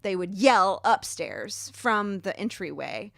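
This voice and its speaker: A woman's voice: mid-range voice, lively intonation, slow, creaky, fairly bright tone, no room sound, clean studio sound. A woman from Alabama, co-hosting a podcast, telling a rambling story in casual chat and laughing often. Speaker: podcast co-host.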